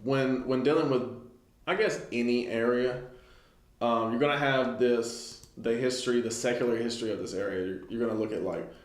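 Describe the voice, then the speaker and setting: A man's voice: mid-range voice, fairly even intonation, moderate pace. A man giving an informal Bible study lesson, reading a text aloud and commenting loosely with many fillers. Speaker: Bible teacher. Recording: echoey room.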